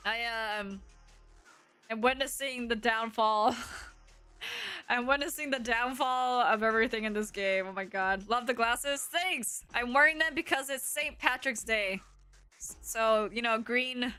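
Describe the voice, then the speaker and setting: A woman's voice: on the high side, measured pace, clean tone, no room sound. A young woman streaming a game, chatting with viewers with dramatic reactions and laughing asides. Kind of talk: game playthrough commentary. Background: soft game music.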